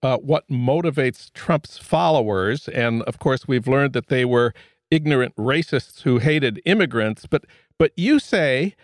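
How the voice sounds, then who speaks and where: A male radio host from Minnesota, asking questions in a wry, measured way. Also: mid-range voice, lively intonation, no room sound, studio quality. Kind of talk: radio interview.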